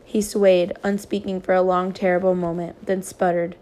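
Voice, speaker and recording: Woman reading a novel aloud, flat and steady. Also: fairly low pitch, normal speed, hardly any pauses. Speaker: reader.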